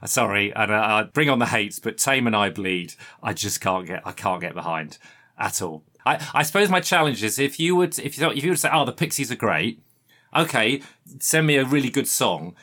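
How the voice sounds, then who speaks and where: A man's voice: lowish voice, lively intonation, brisk, pushed and bright. A man co-hosting a casual music chat, wry and emphatic, poking fun at himself. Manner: wry, self-deprecating, emphatic. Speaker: podcast co-host.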